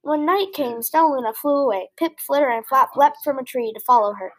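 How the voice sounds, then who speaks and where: A woman reading a children's story aloud in a clear, gentle way. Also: sits high, a little fast, poor audio.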